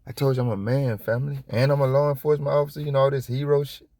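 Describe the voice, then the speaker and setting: A man giving casual reaction commentary on a police video, rambling and profane, with sudden high-pitched outbursts. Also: flat delivery, very fast, a little mellow. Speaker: copwatch commentator.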